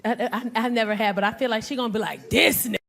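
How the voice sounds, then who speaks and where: A woman doing stand-up comedy on a club stage, brash and animated, acting out voices and working the crowd. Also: on the high side, very fast, gravelly, background noise. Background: audience laughter.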